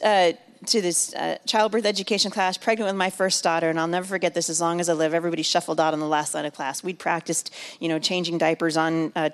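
A middle-aged woman giving a sermon at a women's retreat, telling a personal story. She moves between hushed and loud, repeats phrases for emphasis and jokes with the audience. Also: on the low side. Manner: emotional, builds from hushed to loud and back. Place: large room at a women's retreat.

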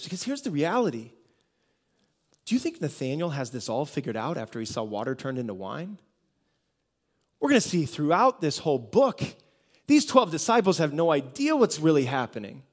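Speaking briskly and with great animation, a US pastor whose voice runs on the high side gives a chatty sermon. He leans on rhetorical questions and repeated wording to drive his argument forward.

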